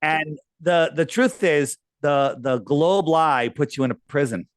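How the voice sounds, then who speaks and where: Man telling a rambling, animated story. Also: on the high side, unhurried, smooth, dry recording. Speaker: podcast guest. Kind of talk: casual interview chat.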